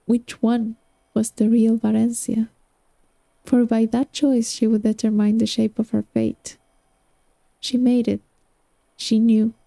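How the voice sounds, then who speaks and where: Slow, gravelly woman reading aloud. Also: on the high side, level tone, dark tone, dry recording. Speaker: audiobook reader.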